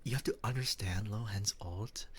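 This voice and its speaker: A young man from the Philippines chatting with his chat in a soft, whispered role-play style, giggling often. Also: lowish voice, normal speed, slight background noise. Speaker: streamer.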